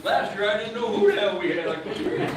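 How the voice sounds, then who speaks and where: A man announcing a ticket drawing to a crowd, folksy and teasing as he coaches a child through the draw. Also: high-pitched. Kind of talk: jokey live announcing to a crowd. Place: outdoor event with crowd. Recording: echoey, far-off, loud crowd noise.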